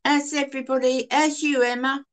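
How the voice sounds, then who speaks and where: A woman with a Cockney accent co-hosting a live chat stream, talking casually and warmly to her viewers. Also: high-pitched, level tone, normal speed. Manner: chatty, calls people sweetheart and darling.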